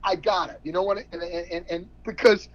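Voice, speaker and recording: A football coach as a podcast guest, talking excitably, repeating words and laughing often. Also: male voice, high-pitched, a little fast, lo-fi sound. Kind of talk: casual podcast interview.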